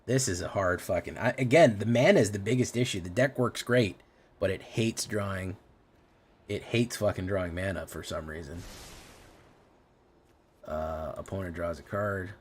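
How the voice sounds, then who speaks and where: A man's voice: low-pitched, moderate pace, a little hiss or hum. A man streaming a card game, thinking aloud about his plays and swearing at his bad draws. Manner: profane, exasperated running commentary on his own plays. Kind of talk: casual live gameplay commentary.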